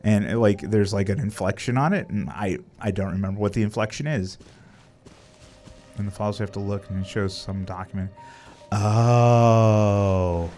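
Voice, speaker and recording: A young man casually commenting on his live game stream, swearing freely and reacting loudly. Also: on the low side, normal speed. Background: game music.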